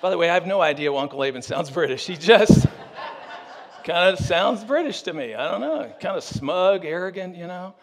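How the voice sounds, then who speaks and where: Jokey, animated preacher man. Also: high voice, normal speed, big-room sound. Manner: jokey, animated storytelling with audience asides. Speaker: pastor. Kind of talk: humorous sermon.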